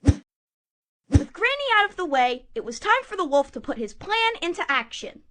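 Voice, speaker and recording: A woman narrating a puppet show fairy tale in a playful, expressive way. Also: sits high, normal speed.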